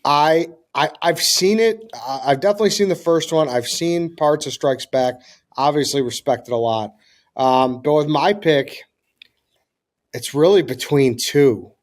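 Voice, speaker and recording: A man's voice: on the high side, measured pace. A man on a podcast panel in casual chat, hesitant, restarting and thinking aloud.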